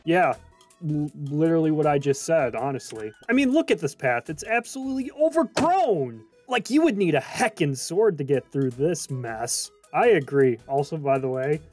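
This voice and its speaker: A young man casually commenting on a video game as a channel host. He is chatty and jokey, and he swings from loud bursts to mumbling. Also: on the high side, sing-song, normal speed, faint music behind. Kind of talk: casual let's play commentary.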